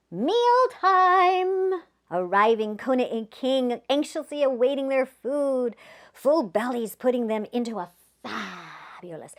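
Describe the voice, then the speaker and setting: Woman, storybook reader for kids, playful, slow unhurried pace, bright lively voice. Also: a little high. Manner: playful, asks the listening kids questions; drops to a whisper at quiet moments. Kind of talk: reading a rhyming picture book aloud to children.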